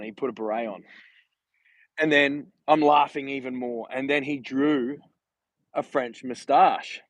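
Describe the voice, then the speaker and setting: A man's voice: mid-range voice, fairly even intonation, a little slow, no echo, rough recording. Chatty man vlogging on a walk. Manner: chatty, rambling, laughs while telling stories. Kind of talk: casual walking vlog livestream. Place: outdoors, walking on a street.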